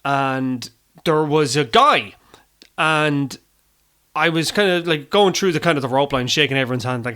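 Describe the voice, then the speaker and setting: A man's voice: fairly high pitch, moderate pace, sharp tone, smooth. A man with an Irish accent hosting a film podcast, rambling and self-deprecating, swearing freely and using many fillers. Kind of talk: casual film review chat.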